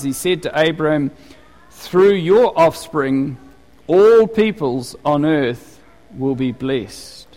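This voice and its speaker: A man's voice: on the high side, a little mellow, long reverb tail. A male pastor giving a sermon, telling stories in a conversational way with frequent restarts.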